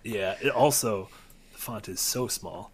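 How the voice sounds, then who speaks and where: A man's voice: on the low side, a little slow, a loud crowd. A man co-hosting a casual gaming podcast, joking around and reading out viewer donations. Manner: jokey, reads out viewer donations. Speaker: co-host.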